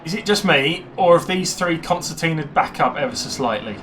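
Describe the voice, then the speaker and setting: A man giving live commentary on a sim race, chatty and excitable when cars overtake. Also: fairly high pitch, brisk, a little hiss or hum.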